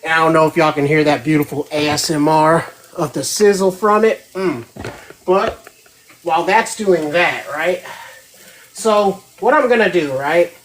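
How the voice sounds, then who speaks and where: A woman's voice: sits low, a little slow. Chatty woman hosting a home cooking demo. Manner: chatty, keeps checking in with 'right?'. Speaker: host of a home cooking show. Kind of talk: casual live cooking demo. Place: home kitchen.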